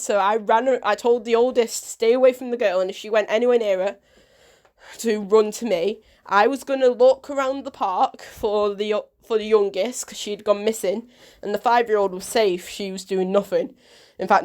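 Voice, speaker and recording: A woman telling a personal story to her vlog camera, animated, and acting out the dialogue. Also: medium pitch. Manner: animated storyteller who acts out quoted dialogue.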